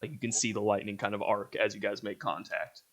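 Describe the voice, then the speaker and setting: A young man narrating a tabletop game as game master, casual and relaxed, laughing easily. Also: on the low side, fairly quick.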